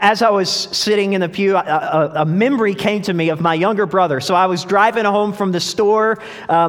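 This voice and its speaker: Young male pastor, conversational sermon delivery with restarts, light high voice, big reverberant sanctuary. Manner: conversational, storytelling, frequent restarts. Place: church sanctuary. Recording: long hall reverb.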